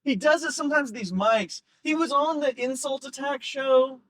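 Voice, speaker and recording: High-voiced man telling a rambling story. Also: normal speed, no echo. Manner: rambling, laughs often, animated. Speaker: comedian guest. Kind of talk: casual chat, storytelling.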